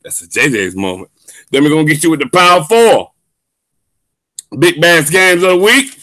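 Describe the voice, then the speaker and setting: Hyped bright-voiced male sports host. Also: fairly high pitch, animated, moderate pace, no echo. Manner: loud, hyped, shouting and drawn out. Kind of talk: excited live sports show chat.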